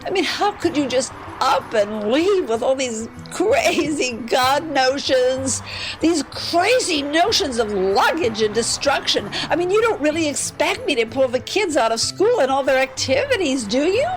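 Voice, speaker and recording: An actress playing an exasperated wife car, nagging her husband quickly and pleadingly. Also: high voice, sing-song. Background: music.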